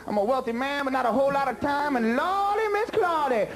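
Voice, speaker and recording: A man's voice: extremely high pitch, lively intonation, a little fast, very noisy. A man doing a lecherous old billionaire geezer. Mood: leering. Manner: folksy drawling old-timer talk, barking. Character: crafty ninety-year-old male billionaire, lecherous, cranky. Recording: live club crowd laughing.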